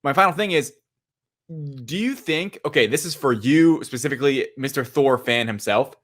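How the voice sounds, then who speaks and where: A man's voice: mid-range voice, animated, moderate pace, fairly bright tone. Guy on a movie podcast, really opinionated, voice bounces all over. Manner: opinionated, emphatic. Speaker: podcast co-host. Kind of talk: casual movie chat.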